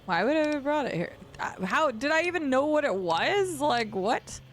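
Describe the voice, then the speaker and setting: A woman's voice: high-pitched, sing-song, moderate pace, slight background noise. A woman streaming a video game, giving casual commentary and sarcastically talking back to the characters.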